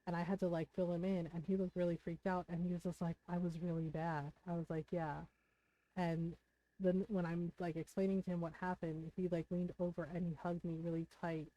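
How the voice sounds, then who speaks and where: A woman's voice: lowish voice, flat delivery, fairly quick, warm tone, highs cut off. A woman streamer casually and earnestly retelling a personal story in detail, recounting conversations.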